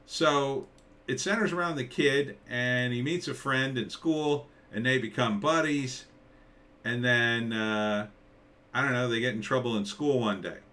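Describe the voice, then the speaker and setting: A man's voice: measured pace, bright, forceful tone. A man in his forties from New Jersey, rambling through a casual, sardonic trailer reaction. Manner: rambling, sardonic, jumps into mock-surprised high quotes. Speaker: commentator.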